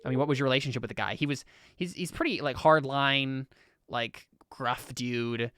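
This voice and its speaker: A young man guides his players through a tabletop game, piling up "like"s and self-corrections as he explains the world's lore. His voice is smooth and resonant. The recording is dry and close, with no room sound. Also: mid-range voice, normal speed, fairly bright tone, no room sound. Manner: rambling, full of "like" and "um" restarts. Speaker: game master.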